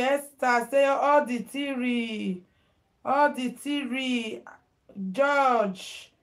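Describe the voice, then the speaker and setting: Nigerian lady chatting on her phone live stream, high voice, takes her time. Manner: chatty, mixes Pidgin, greets viewers by name. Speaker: live stream headwrap tutor. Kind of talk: casual live stream chat.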